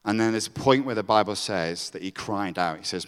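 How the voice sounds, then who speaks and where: A man's voice: lowish voice, brisk, hardly any pauses, clean tone. A man preaching a storytelling sermon, acting out the characters' voices as he goes. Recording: reverberant hall.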